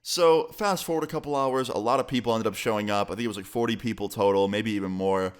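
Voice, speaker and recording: A young adult man, a storytelling vlogger, recounts a personal story in a loose, casual way, with lots of fillers and some swearing. His voice is lowish, smooth, and quick.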